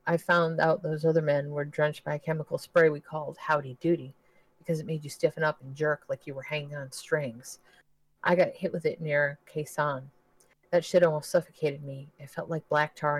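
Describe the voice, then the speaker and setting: A man reading aloud gives voice to a haunted war veteran tormented by visions. His voice stays even and flat, with little rise and fall. The sound is dry and close. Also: fairly high pitch, moderate pace, dry recording, lightly acted, rough recording. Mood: brooding. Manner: hushed, then desperate.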